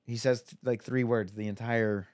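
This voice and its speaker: A man in casual podcast chat, his voice smooth and clear. He rambles with lots of fillers. The sound is dry and close to the mic. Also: medium pitch, steady tone, normal speed, darkish tone, no echo. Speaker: podcast co-host.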